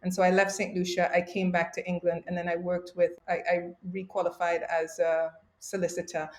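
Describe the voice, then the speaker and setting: A middle-aged woman from Canada, a guest arbitrator, telling lively stories in an interview with bursts of laughter. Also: lowish voice, a little fast. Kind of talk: interview storytelling. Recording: roomy echo.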